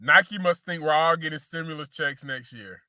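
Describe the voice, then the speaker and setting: A man's voice: on the high side, normal speed, sharp tone, dry recording, clean studio sound. A man hosting a casual sneaker show, talking slangy and loose, repeating phrases and calling his viewers y'all.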